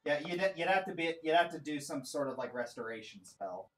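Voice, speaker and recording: A man narrating a tabletop game as game master, in a lively, animated way. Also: on the high side, moderate pace, distant mic, rough recording.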